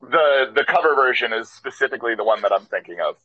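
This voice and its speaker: A man's voice: mid-range voice, lively intonation, fast. A man in casual group chat, talking bluntly and swearing freely. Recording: dull lo-fi sound.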